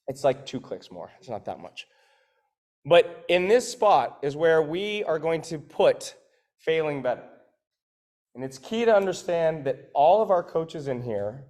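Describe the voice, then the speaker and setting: A man's voice: fairly high pitch, darkish tone. A man, a gym coach, giving a casual talk to his class, swearing freely and acting out his members' grumbling thoughts. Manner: conversational, swears casually, acts out inner voices.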